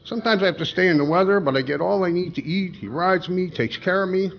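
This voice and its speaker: A man's voice: sits high, quick pace, creaky, dull audio, a little hiss or hum, voice pushed up. A man voicing a grateful male talking horse in a told joke, gushing about his care.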